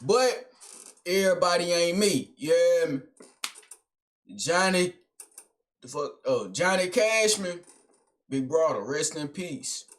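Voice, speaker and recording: A man's voice: sits high, animated, slow, long pauses. A man hosting a reaction video, giving casual, heavily profane commentary and ranting heatedly about what he watches.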